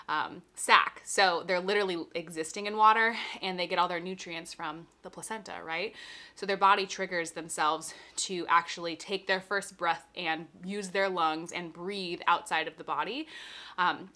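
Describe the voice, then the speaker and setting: A woman's voice: lowish voice, sharp tone. A young pregnant woman, a little out of breath, casually explaining and reassuring as she answers viewer questions.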